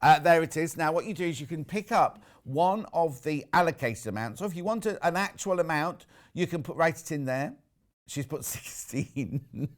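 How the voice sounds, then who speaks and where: A man's voice: fairly high pitch, expressive, fairly quick, few pauses. A man with a British accent presenting live on a TV shopping channel, chatting casually and reading out viewer messages. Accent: British English. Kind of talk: live TV sales chat.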